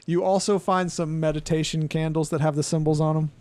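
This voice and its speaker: Laughing game master, fairly high voice. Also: male voice, brisk, smooth, no echo. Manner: laughs often, relaxed narration. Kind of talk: narrating a tabletop game.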